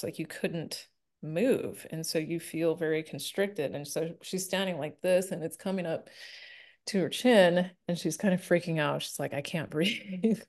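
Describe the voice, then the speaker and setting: A woman's voice: on the low side, a little mellow. A woman chatting casually as an interview guest, giggly and full of fillers. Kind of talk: casual chat.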